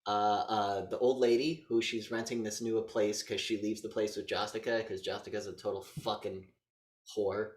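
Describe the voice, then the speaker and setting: A man co-hosting a casual movie review podcast, talking in an animated, profane way and acting out scenes in quick voices. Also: lowish voice, roomy sound. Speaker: podcast co-host.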